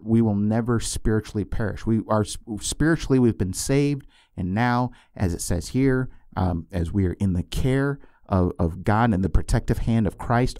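A man with a lowish, dark-toned voice teaches the Bible on a podcast, recorded dry in a clean studio. Earnest and emphatic, he repeats key words and checks in with "okay?" and "right?".

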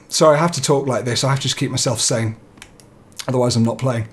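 Jittery gamer talking to himself. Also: male voice, medium pitch, fairly quick, noisy background. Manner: jittery, talks himself through fear, swears. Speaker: let's play gamer. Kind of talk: horror game commentary.

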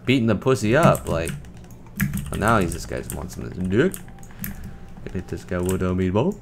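A young man giving casual, joking commentary over a video game, trash-talking and breaking into loud shouts. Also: sits low, sing-song, moderate pace, creaky, background noise. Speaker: gaming commentator.

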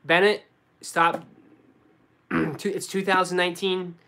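A young man with a Boston accent, chatting casually on a live stream and answering viewers, relaxed and full of slang. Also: high-pitched, takes it slowly, creaky. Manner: relaxed, slangy, says dude and bro a lot. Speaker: sneaker YouTuber answering live chat.

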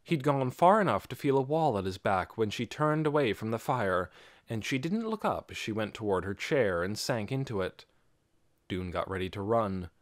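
A man reading an audiobook aloud with expressive storytelling. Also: on the low side, dry recording, clean studio sound. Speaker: audiobook narrator. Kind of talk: scripted audiobook narration.

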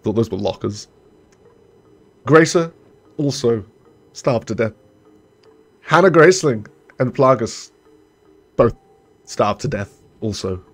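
A young man streams a colony-building game, commenting casually in a lively voice with faint music behind. He talks slowly and pauses often, rambling, correcting himself, and trailing off low in this let's-play commentary.

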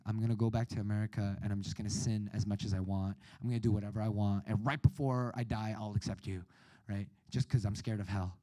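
A young adult man preaching at a retreat, telling a personal story with animated delivery and acted-out quotes. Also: sits high, no room sound, rough recording. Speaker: youth retreat speaker. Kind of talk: sermon.

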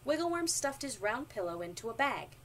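Woman, children's storybook reading, lively up-and-down delivery, raised pitch, distant mic, faint hiss. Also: a little fast. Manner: expressive, animated.

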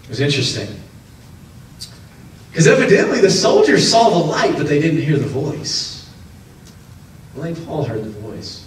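A man preaching a sermon as pastor, animated, acting out the people in his stories and laughing often. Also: high-pitched, far from the mic. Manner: animated, acts out quoted voices, laughs often. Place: church sanctuary. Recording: echoey hall, preacher off-mic, faint noise.

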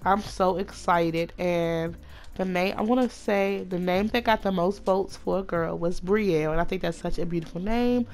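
A woman giving casual, chatty commentary as she plays a life-simulation game, talking excitedly to her viewers. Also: lowish voice, moderate pace. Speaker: let's play host.

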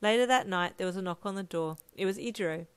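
A woman reading her own fan fiction aloud, narrating in second person in a steady, plain manner. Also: mid-range voice, quick pace, smooth.

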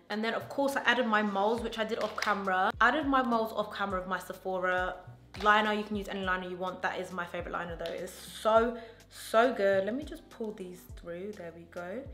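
Doing her makeup for a casual get-ready-with-me chat, this beauty vlogger speaks in a mid-range, somewhat bright voice, full of gushing enthusiasm and slang. The recording has a roomy echo and faint background music.

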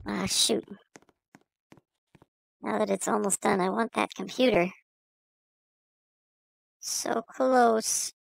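Gravelly woman narrating her gameplay. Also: medium pitch, steady tone, slow pace, pauses often, no echo, poor audio. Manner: chatty, frets aloud when chased, repeats words. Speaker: gaming channel host. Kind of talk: casual gameplay commentary. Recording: loud game music behind.

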